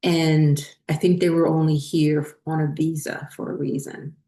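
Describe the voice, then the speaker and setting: A woman with a low, deep voice recounts a personal story in a loose, meandering way, pausing on fillers and restarting her sentences. Her voice echoes around the room she is recorded in. The tone is casual and conversational. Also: level tone, warm tone. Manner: rambling, many fillers and restarts. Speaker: spiritual channel host.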